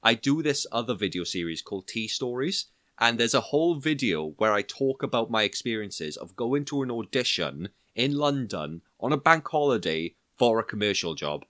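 A man hosting a podcast, in lively, chatty talk that backs up his guest. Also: mid-range voice, normal speed, few pauses, no room sound, clean studio sound. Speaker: podcast host. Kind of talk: casual chat.

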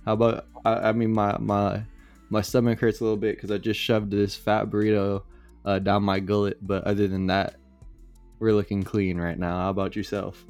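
A young man co-hosting a podcast in a relaxed, slangy way. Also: on the low side, normal speed, faint music behind. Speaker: podcast co-host. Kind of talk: casual chat.

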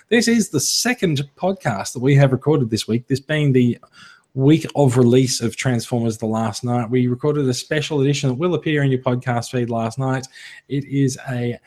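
A man's voice: mid-range voice, normal speed, a little mellow. A man with an Australian accent hosting a casual podcast, chatty and prone to restarting phrases. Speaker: podcast host.

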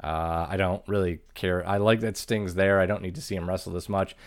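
A laid-back man co-hosting a podcast, giving blunt opinions in an easygoing way. His voice sits fairly low. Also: steady tone, a little fast. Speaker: podcast co-host. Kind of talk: casual chat.

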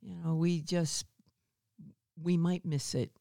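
Slow-talking guy on a faith podcast, gravelly but smooth voice, calm encouraging advice. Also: on the high side, dry recording, studio quality. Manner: measured and affirming, advising gently. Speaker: guest. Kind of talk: faith-based interview conversation.

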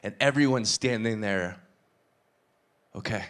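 A man preaching a sermon, retelling a parable with lively acted-out dialogue and casual asides. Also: measured pace. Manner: animated storytelling, acts out dialogue with shifting pitch. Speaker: pastor.

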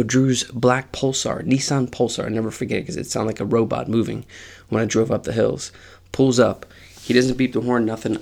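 A man in his forties, hosting his podcast, tells a story in a casual and animated way. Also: mid-range voice, gravelly. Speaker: podcast host.

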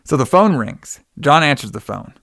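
A man's voice: on the high side, big pitch swings, moderate pace, creaky, fairly bright tone, no room sound, studio quality. A young man casually recapping a film's plot, rambling with lots of "like" and "you know.". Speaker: podcast co-host recapping a film. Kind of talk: casual chat.

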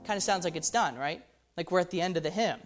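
A music teacher with a lowish voice talks fast over music, explaining how a hymn's melody works. She keeps it conversational, often checking in with "right?" and musing "interesting."

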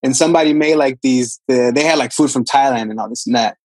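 Husky-voiced young man rambling casually. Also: medium pitch, quick pace, darkish tone, no echo, poor audio. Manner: rambling, filler-heavy storytelling with acted-out quotes. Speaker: podcast co-host. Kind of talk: casual chat.

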